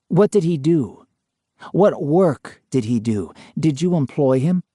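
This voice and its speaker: A man voicing a calm, persistent male parapsychologist who questions patiently and evenly. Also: a little high, slow, no echo, clean studio sound. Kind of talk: dramatized ghost story reading.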